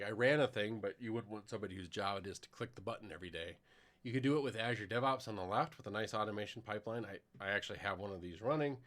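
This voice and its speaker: A man's voice: lowish voice, a bit bright. A middle-aged man giving a conversational technical conference talk with a live demo, explaining plainly with some fillers. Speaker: conference presenter.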